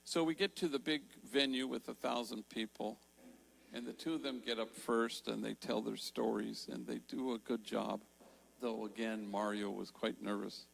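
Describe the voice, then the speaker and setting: Gravelly older man telling a story. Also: mid-range voice, fairly even intonation, poor audio. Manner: warm storytelling, slows for emphasis. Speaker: Jesuit priest and speaker. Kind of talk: storytelling talk. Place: large church.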